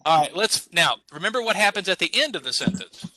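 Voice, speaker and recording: Lively, bright-voiced male ESL teacher. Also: high voice, fast, poor audio. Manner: upbeat, coaching students to repeat. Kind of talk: online class instruction.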